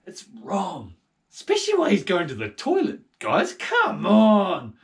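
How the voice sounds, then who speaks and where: A man voicing an earnest young hero, loud and insistent. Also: sits high, wildly swooping pitch, a little slow, distant mic, pitched above the performer's own voice, heavily acted.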